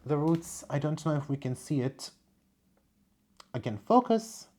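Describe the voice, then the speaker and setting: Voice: medium pitch, steady tone, moderate pace, dark tone. A plant collector in a casual show-and-tell vlog at home, chatting in a meandering way and thinking aloud while showing each plant.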